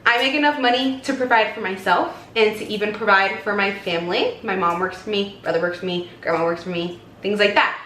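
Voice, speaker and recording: A woman in her twenties telling a personal story in a casual vlog, animated and acting out the voices of people she quotes. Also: medium pitch, fairly quick, hardly any pauses, slight background noise. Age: 20s. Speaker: vlogger. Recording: echoey room with background music.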